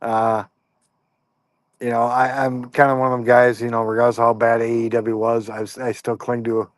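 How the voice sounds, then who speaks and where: A man's voice: medium pitch, little pitch movement, moderate pace, no room sound. Easygoing male podcast host, dry sound. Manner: easygoing, hesitant, lots of ums and fair enoughs. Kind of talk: casual podcast recap.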